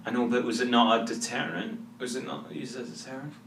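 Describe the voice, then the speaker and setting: A man's voice: medium pitch, fairly even intonation, fast, creaky, fairly bright tone. A Scottish man co-hosting a podcast, teasing his co-host with dry, sweary humor. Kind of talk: casual banter. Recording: roomy echo, far from mic, faint hum.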